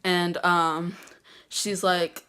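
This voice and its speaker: A teenage girl telling a prank story in a casual vlog, halting with many pauses and restarts. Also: lowish voice, level tone, pushed and bright, clear, resonant tone. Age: teens. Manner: halting, many ums and restarts, laughs at herself. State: getting emotional, near tears. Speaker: vlogger.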